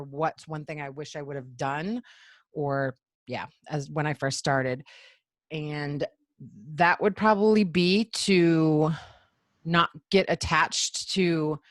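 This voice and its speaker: A woman's voice: fairly low pitch, no echo, clean studio sound. A woman from Maine, a sales director, giving reflective advice in a casual group chat with frequent ums.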